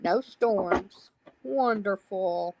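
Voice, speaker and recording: A soft-spoken woman chatting casually on a livestream, relaying messages from the chat in a slow, gentle way. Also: mid-range voice, noisy background.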